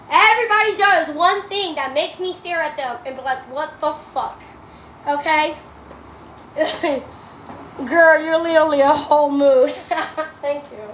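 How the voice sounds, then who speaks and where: High bright-voiced woman ranting bluntly. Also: echoey room, slight background noise, low-quality recording. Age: adult. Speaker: TikTok live streamer. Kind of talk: casual livestream chat. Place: home.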